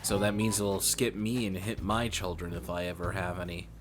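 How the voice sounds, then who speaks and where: A man's voice: sits low, little pitch movement, moderate pace, over music. A man streaming and chatting casually, rambling and cursing and calling the listener brother.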